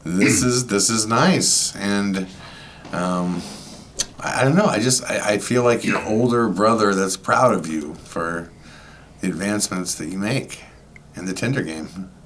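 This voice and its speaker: A man's voice: low voice, unhurried, fairly bright tone, slight background noise. A man co-hosting a podcast, talking in a rambling casual way with many fillers. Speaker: podcast co-host. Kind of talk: casual chat.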